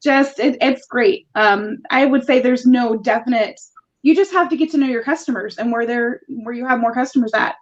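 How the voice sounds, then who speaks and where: A woman with a high voice answers questions on a live online show. She sounds friendly and easygoing. Her audio comes through dull and lo-fi, like a video call. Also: normal speed. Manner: friendly, conversational, laughs easily. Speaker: guest, small business owner. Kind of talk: casual live interview.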